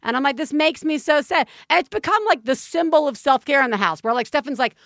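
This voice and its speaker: A woman co-hosting a podcast in casual chat. She is animated, swears, and acts out voices to get a laugh. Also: high voice, fast, no room sound, clean studio sound. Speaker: podcast co-host.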